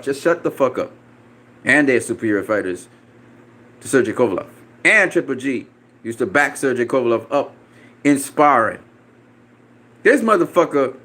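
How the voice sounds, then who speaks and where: A man's voice: mid-range voice, animated, normal speed, pauses often, fairly bright tone. A man ranting about boxing in a reaction video, profane, combative and dismissive, repeating himself and laughing mockingly. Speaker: boxing commentator.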